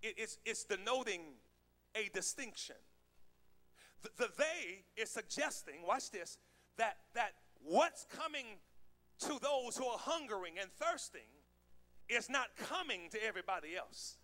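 A man pastor preaching a sermon, joking with the congregation and building to shouted calls. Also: high-pitched, big pitch swings, a little slow. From United States. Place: church sanctuary with congregation.

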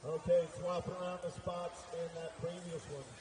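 A man announcing a race live, rattling off riders' names and positions in a rapid-fire call. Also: sits high, little pitch movement, noisy background. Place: outdoor race track over loudspeakers. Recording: echoey loudspeaker heard from far off.

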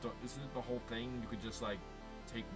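A man's voice: medium pitch, flat delivery, fast, loud music behind the voice. A man streaming a game live, chatting casually, joking and reading messages aloud. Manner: joking, reads chat aloud. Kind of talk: casual live gameplay chat.

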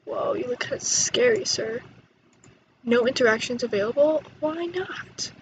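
Excitable high-voiced woman gaming. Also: a little slow, slight background noise, rough recording. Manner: excitable, chatty, gasps and laughs. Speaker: gaming YouTuber. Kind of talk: let's play commentary.

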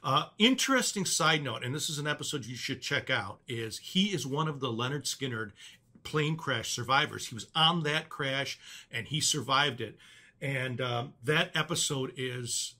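A man's voice: medium pitch, lively intonation, normal speed, bright, forceful tone. A man hosting his own channel, chatting casually and rambling enthusiastically with many fillers. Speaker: channel host. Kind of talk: casual chat.

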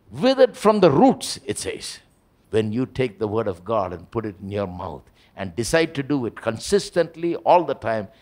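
A man preaching a live church sermon as pastor, acting out quotes with sudden jumps in pitch. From India. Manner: animated, acts out quotes with big pitch jumps. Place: church service hall.

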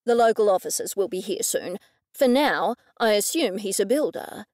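Female reader as a cool male cop, clipped and deadpan, close and dry. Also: mid-range voice, normal speed, dry recording, natural voice. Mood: curt. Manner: curt, deadpan.

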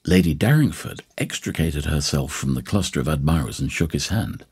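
A man narrates a novel in scripted, measured storytelling. His voice sits very low and carries a strong husky rasp. The reading has a lively rise and fall. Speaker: audiobook narrator.

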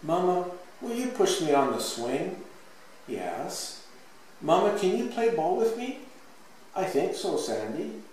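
A man reading a storybook aloud, voicing a little girl elephant in a high, childish pleading voice. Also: sing-song, takes it slowly, pauses often, a little mellow, exaggerated voice. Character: little girl elephant, lonely then eager. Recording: echoey room from a distance, faint hiss.

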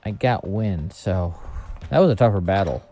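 Low-voiced man chatting through a game. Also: expressive, mellow. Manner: chatty, muttering asides to himself, quick bursts of cheer. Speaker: VTuber streamer. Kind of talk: casual gameplay commentary. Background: faint background music.

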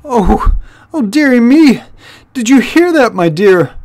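A man voicing a frantic, sobbing old female church mouse in a storybook reading, in a high wailing voice. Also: sing-song, slow pace, darkish tone, exaggerated voice. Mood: distraught.

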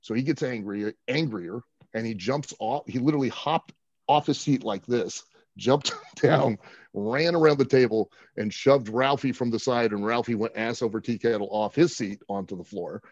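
A man with a husky, slightly rough voice tells a road story in an easy, chatty way, throwing himself into every quote. The sound is dry and close, with a slightly dull, lo-fi tone. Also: mid-range voice, normal speed, no room sound. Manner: animated, acts out quotes. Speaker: guest. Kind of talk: casual storytelling.

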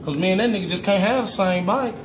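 A man with a Southern US accent in relaxed, joking banter with friends about motorcycles. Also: high voice, quick pace, reverberant, slight background noise. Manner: laid-back, joking banter. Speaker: motorcycle owner. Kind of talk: casual chat.

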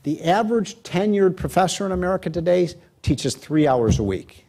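A man's voice: high-pitched, lively intonation, normal speed, gravelly, dark tone. A man giving a public speech who rambles through an anecdote, filled with "you know" and restarts. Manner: folksy, rambling, many fillers. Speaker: guest speaker.

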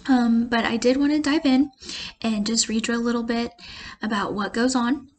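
A woman reviewing a book, reading a dramatic excerpt aloud with lively expression. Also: fairly high pitch, normal speed, a little hiss or hum.

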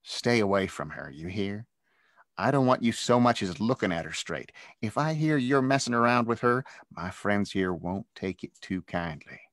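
A man's voice: lowish voice, expressive, moderate pace, a bit bright, no room sound, studio quality. A man reading a storybook aloud and voicing a tall teenage bully who sneers and threatens a new boy at school. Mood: sneering menacing. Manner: sneering, menacing, mocking.

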